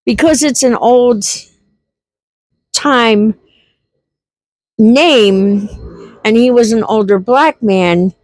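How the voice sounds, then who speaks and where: A woman's voice: fairly high pitch, drawn-out words, long pauses, darkish tone, dry recording. A middle-aged woman telling a funny story in a casual vlog, laughing through it and repeating herself. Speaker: homestead vlogger.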